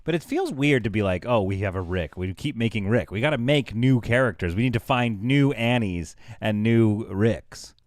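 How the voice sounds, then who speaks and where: A man streams a game live, talking casually to his chat. His pitch swings widely as he jokes and reacts, and he laughs often. The sound is dry and close, with no room echo. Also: lively intonation, normal speed, hardly any pauses. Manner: chatty, talks to chat. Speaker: livestreamer playing a game.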